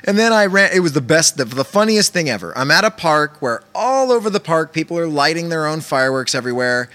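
A man tells an animated, profane story in casual chat. His voice sits a little high and rings bright and forceful. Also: fairly quick. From Southern California.

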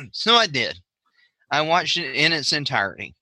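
A Southern man co-hosts a casual wrestling podcast, rambling and tripping over repeated words. His voice is very bright and forward. The recording is dry and close. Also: fairly high pitch, very animated, a little slow, no echo. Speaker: podcast co-host. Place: Pennsylvania.

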